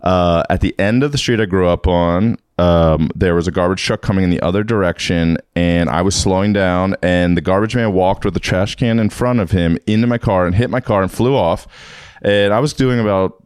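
A man's voice: sits low, normal speed, a little mellow, smooth, no echo, clean studio sound. A young adult man, a podcast guest, telling a story in casual chat and acting out the voices of people he quotes.

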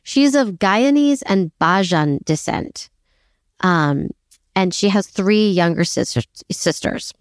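A woman's voice: mid-range voice, animated, slow pace, dry recording. Chatty woman podcast host, pokes fun at herself, dry close mic. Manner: chatty, self-deprecating, laughs often. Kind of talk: casual history podcast chat.

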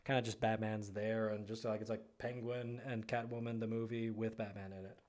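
A man's voice: fairly low pitch, little pitch movement, a little fast, a little mellow. Rambling male podcast co-host. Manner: rambling with many fillers. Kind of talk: casual chat.

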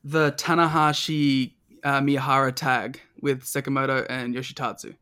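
Enthusiastic man with a mid-pitched voice. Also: flat delivery, normal speed, bright, forceful tone, clean tone. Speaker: podcast co-host. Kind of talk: casual chat.

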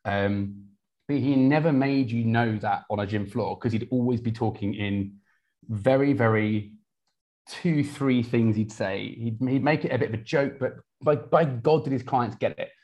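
A man, a personal trainer talking casually in an interview, energetic, with many restarts. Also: mid-range voice, moderate pace. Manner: energetic, many restarts, quotes clients in lively voices.

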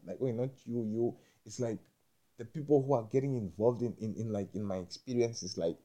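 A young man talking in a rambling monologue, halting and repeating himself, with frequent swearing. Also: medium pitch, mellow.

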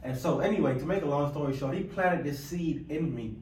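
Energetic podcast host, roomy and off-mic. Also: male voice, fairly high pitch, brisk, recorded from a distance. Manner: energetic, hypes the guest up. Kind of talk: casual chat. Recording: roomy, off-mic, faint hiss.

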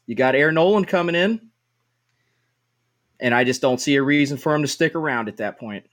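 A man co-hosting a sports podcast in a relaxed, easygoing chat. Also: medium pitch, brisk. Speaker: podcast co-host.

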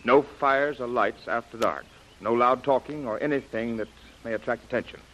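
A man acting a brisk expedition commander. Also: medium pitch, bright, forceful tone, a little hiss or hum, lightly acted. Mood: commanding. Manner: crisp, giving orders. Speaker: expedition leader. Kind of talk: 1930s radio acting. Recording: muffled old radio recording.

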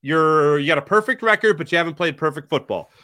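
A man co-hosting a casual sports talk show, animated and jokey, jumping between tangents. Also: fairly high pitch, fast talker. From Philadelphia area. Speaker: sports radio co-host.

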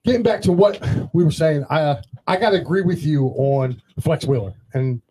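A podcast co-host tells anecdotes in a casual storytelling chat, animatedly acting out the dialogue of other people. His voice is on the high side at a moderate pace, with a noisy background.

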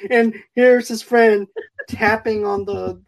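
A speaker recaps a film's plot in relaxed conversation. The talk rambles, with frequent fillers and restarted sentences. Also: mid-range voice, slow pace. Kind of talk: casual movie review chat.

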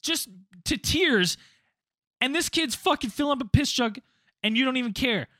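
A man with a high, bright voice tells a story to his friends in a lively, profane way. He shouts out the quoted lines. The sound is dry and close to the mic. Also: moderate pace, no room sound. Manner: animated, acts out quotes, swears a lot. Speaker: storyteller, former teacher abroad. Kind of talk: casual storytelling among friends.

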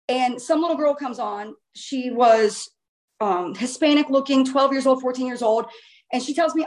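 A woman casually telling a long personal story in a chatty, animated way, with the odd swear word. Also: high-pitched, a little fast.

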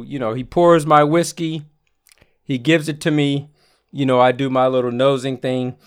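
Smooth-voiced man telling a whiskey story. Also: a little high. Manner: rambling anecdotal telling with fillers. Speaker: whiskey writer. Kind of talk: casual storytelling.

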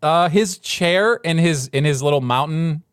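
A man's voice: on the high side, measured pace, clear, resonant tone, dry recording, clean studio sound. A man co-hosting a podcast about movies, chatting casually and acting out other people in put-on voices. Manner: animated, acts out people in put-on voices, laughs often. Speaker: podcast co-host. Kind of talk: casual chat.

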